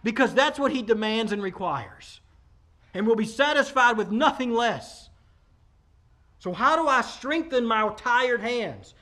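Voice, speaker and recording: A man in his forties delivers a sermon with a high, carrying voice. He preaches conversationally, often turning to the congregation with direct asides. He leans hard on key lines for emphasis. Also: expressive, measured pace, bright, forceful tone. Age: 40s. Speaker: pastor.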